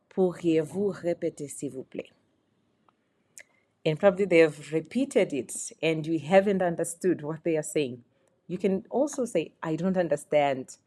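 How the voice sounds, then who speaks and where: A woman's voice: low voice, warm tone. A woman teaching phrases in a beginner lesson, explaining patiently and repeating each example. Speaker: French teacher.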